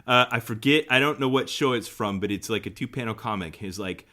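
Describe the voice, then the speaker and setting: Bright, low-voiced male podcast co-host. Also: a little fast. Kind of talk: casual podcast chat.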